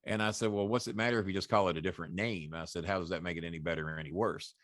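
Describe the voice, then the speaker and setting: Blunt, profane man, low and dry. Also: fairly even intonation, racing, a bit bright, no room sound. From Southern US. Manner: blunt, profane, laughs through his stories. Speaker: guest. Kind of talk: casual storytelling. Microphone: podcast call.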